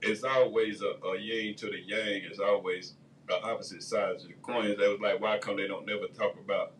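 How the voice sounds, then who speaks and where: A man's voice: on the low side, steady tone, normal speed, a bit bright, distant mic, slight background noise. A man co-hosting a radio talk show in a laid-back, casual way. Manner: laid-back, mostly short agreeing replies.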